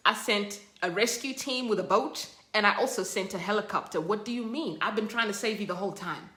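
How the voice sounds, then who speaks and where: A woman's voice: mid-range voice, a little fast, bright, forceful tone, roomy sound, lightly acted. A woman voicing God as a blunt, exasperated figure who talks in casual slang.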